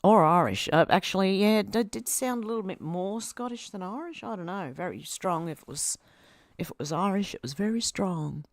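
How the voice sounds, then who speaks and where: A woman's voice: mid-range voice, lively intonation, moderate pace, dry recording, clean studio sound. A woman with an Australian accent, chatting casually on a live stream as she reads out viewer comments and reacts to them. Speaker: video host reading viewer comments.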